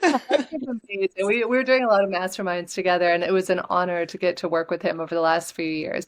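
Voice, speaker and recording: Calm low-voiced woman guest. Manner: calm, warm, grounded delivery ending phrases on a downbeat. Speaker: podcast guest. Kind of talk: casual conversation.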